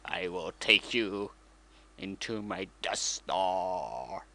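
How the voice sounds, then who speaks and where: Menacing armored space villain, male, slow and low, put on by a man retelling a movie. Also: animated, gravelly, sharp tone, heavily acted. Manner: slow, deep, drawn-out menace. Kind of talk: casual comic retelling.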